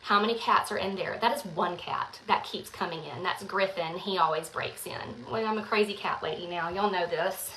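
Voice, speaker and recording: A woman's voice: on the low side, moderate pace, few pauses, sharp tone. A woman talking frankly and earnestly in a casual confessional vlog. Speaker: online content creator. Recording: roomy, some distance from the mic.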